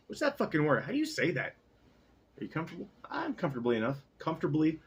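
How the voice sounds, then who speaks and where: A man's voice: fairly high pitch, big pitch swings, normal speed, husky. A man casually reading a novel aloud, adding comments, tripping over words and cursing at himself. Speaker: reader.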